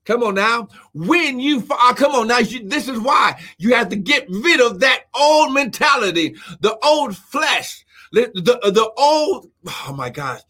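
A man preaching a live-streamed sermon, fervent and often shouting, who keeps repeating "come on now" and breaks into speaking in tongues. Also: extremely high pitch, lively intonation, a little slow.

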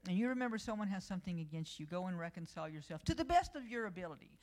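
A woman's voice: on the low side, big pitch swings, rapid-fire, a little mellow. A middle-aged woman preaching a sermon, telling personal stories and reading scripture with rising emphasis.

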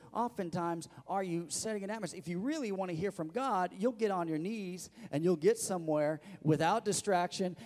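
In a somewhat high, mellow voice, a male pastor preaches, repeatedly posing rhetorical questions and calling on the congregation to answer. The long reverb of a church hall rings around his words.

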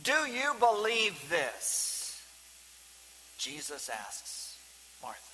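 Dramatic preacher in a reverberant hall. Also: male voice, mid-range voice. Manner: dramatic swings from loud emphasis to hushed near-whispers. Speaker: pastor. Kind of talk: sermon. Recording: reverberant hall with faint hiss.

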